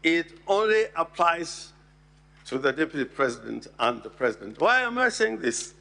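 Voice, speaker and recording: A man giving a formal address to a Senate hearing as counsel. He speaks in a deliberate, emphatic way and pauses to stress key words. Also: on the high side, big pitch swings, gravelly, bright, forceful tone.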